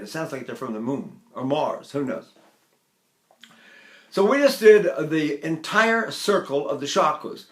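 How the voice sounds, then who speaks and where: An older man teaching vocal technique in a lecture, talking in an animated, demonstrative way and breaking into sung examples. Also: on the high side.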